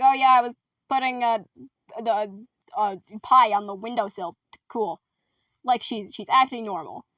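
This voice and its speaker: A woman chatting casually and quickly about her school musical, rambling and joking with lots of asides. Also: a little high, fairly bright tone, no echo, recorded from a distance. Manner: fast, rambling, jokey with lots of "anyways". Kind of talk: casual chat.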